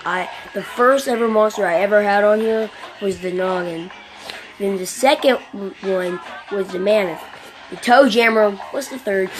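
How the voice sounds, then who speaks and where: Rambling, foul-mouthed woman gamer, slow talk. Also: medium pitch. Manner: rambling, excitable, swears a lot. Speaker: mobile game vlogger. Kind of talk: casual gameplay commentary. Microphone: phone microphone during screen recording. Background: game music.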